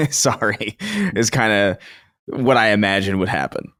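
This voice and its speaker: A man's voice: fairly low pitch, a little slow, fairly bright tone, smooth. A man co-hosting a video game podcast, talking casually and animatedly, with frequent laughs and casual swearing. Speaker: podcast co-host. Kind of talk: casual chat.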